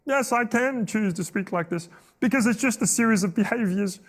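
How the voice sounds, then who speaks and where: A man voicing a cheerful male frog puppet in a high, nasal, chirpy voice. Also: moderate pace.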